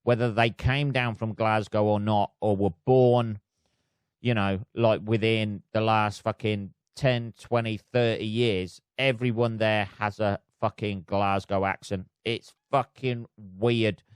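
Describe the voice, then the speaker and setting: A man's voice: lowish voice, steady tone, takes it slowly, smooth, dry recording, studio quality. Sweary rambling Northamptonshire man. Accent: Northamptonshire English. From England. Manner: rambling and sweary, many fillers. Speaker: podcast host. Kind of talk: casual solo chat.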